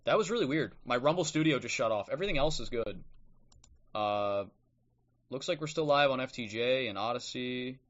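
Here a man with a mid-range voice, lively intonation, and a fairly bright tone speaks at normal speed, though the audio is dull. Hosting a livestream on a streaming microphone, he delivers blunt, combative commentary ending in frequent "okay?"s, followed by a book reading.

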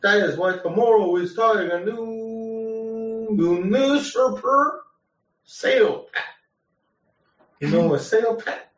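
A man doing a mocking impression of a female mayor announcing absurd decrees in halting broken English. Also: high-pitched, faint music behind. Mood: decreeing. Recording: distant roomy lo-fi clip.

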